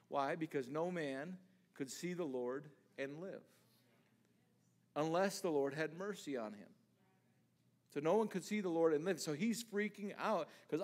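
A man's voice: fairly high pitch, moderate pace. A man pastor preaching a sermon in a conversational way, often restarting words and acting out lines from scripture.

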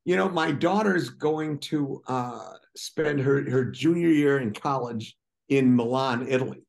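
A man from Milwaukee, a guest in a casual interview, talking in a halting, self-deprecating way with many restarts. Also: medium pitch, creaky, darkish tone.

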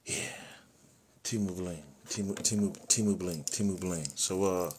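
A man's voice: low-pitched, fairly even intonation, normal speed, a little mellow, slight background noise, voice pushed down, lightly acted. A man playing a bragging bling-crazy shopper. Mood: boastful. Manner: braggy, repetitive, stammering. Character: boastful man, a bling-obsessed bargain shopper. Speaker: comedy skit creator. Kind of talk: comedic unboxing skit.

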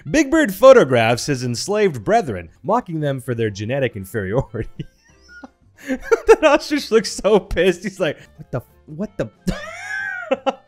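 A man's voice: on the high side, huge pitch swings, unhurried, faint music behind. A man from the United States giving casual commentary on images, laughing often and exclaiming in disgust. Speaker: reaction video creator.

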